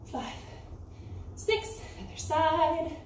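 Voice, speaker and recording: A woman's voice: very high-pitched, animated, extremely slow. A woman fitness instructor from the United States, coaching a home workout and counting reps while exercising, a little out of breath. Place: home room with ceiling fan. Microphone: camera some distance away. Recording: roomy, distant from the mic, with music. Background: background music.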